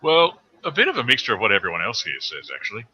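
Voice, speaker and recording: Animated bright-voiced man telling stories. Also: fairly low pitch, fast talker, breathy edge, lo-fi sound. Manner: animated storyteller, acts out quotes. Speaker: voice actor panelist. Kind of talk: casual panel chat.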